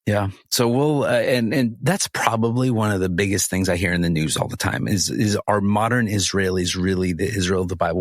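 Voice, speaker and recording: A man's voice: sits low, no room sound, clean studio sound. A man co-hosting a podcast who guides the conversation in an upbeat way and laughs easily. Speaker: podcast co-host.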